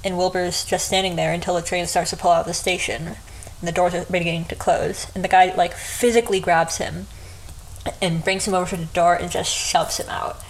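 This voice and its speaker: A woman's voice: on the low side, flat delivery, a little fast, a little hiss or hum, rough recording. A woman retelling a story in a casual, chatty way, often breaking into giggles. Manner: giggly, chatty, frequent laughs.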